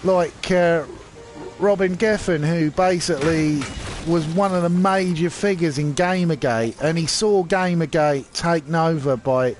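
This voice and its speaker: A man's voice: fairly high pitch, measured pace, soft background music. A man ranting to his viewers in a rambling, sarcastic way, full of restarts and fillers. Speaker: channel host. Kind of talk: casual rant to camera.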